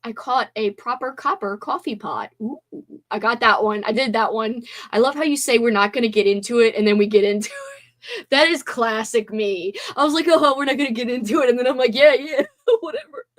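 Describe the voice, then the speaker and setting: A young woman hosting a livestream, bubbly and giggly as she chats with viewers, still tired after a sleepover. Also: a little high. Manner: bubbly, giggly, reacts to chat. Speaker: livestream host. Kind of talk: casual livestream chat.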